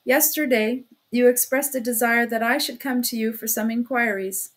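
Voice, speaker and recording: A curt young man, tense and irritable, pushing his words out resolutely , as a woman reads him aloud. The voice is fairly high and gets sharply louder. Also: moderate pace, natural voice, rough recording. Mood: irritated.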